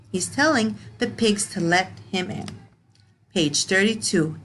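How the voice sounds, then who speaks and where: A woman teacher reading a picture book aloud to young learners, explaining words slowly and asking questions. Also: medium pitch, lively intonation, a little hiss or hum. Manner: slow, repeats and explains words, asks questions.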